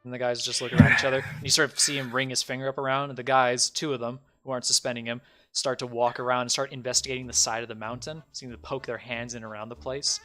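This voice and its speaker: A man's voice: mid-range voice, flat delivery, fast, hardly any pauses, bright, forceful tone. A man narrating as game master in a casual tabletop game, rambling with lots of fillers. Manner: rambling, filler-heavy, laughing asides.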